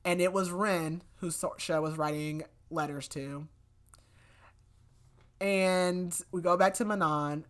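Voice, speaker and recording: A young woman with a notably low voice hosts a podcast, breezily summarizing a novel. She talks casually, leans on "like" and "whatever", and slips into quick, loose versions of what the characters said. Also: a bit bright. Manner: chatty, many "like" fillers, acts out quotes loosely. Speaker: podcast host. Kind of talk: casual book recap.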